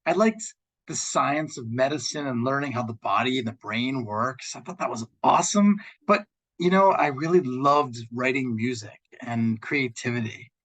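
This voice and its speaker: A man's voice: medium pitch, moderate pace, fairly bright tone. A man from Philadelphia, a lawyer guest on a radio show, joking about himself and hesitating with fillers as he begins his story. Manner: self-deprecating humor, hesitant with fillers. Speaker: intellectual property lawyer, guest.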